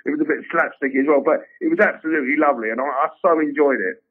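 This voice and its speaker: A man, a comedian telling stories in a rambling, animated way and acting out the voices of others. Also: fairly high pitch, racing, husky. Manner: rambling, animated storytelling with acted-out quotes. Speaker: comedian guest. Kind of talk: casual interview chat. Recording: tinny phone-like sound.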